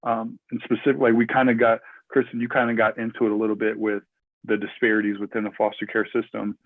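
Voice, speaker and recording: Appearing as a podcast guest, a man from Minnesota talks fast in a low-ish, completely flat voice, rambling with lots of fillers and restarts in casual interview chat. He comes through a thin, tinny remote line, and the sound is dry with no room echo.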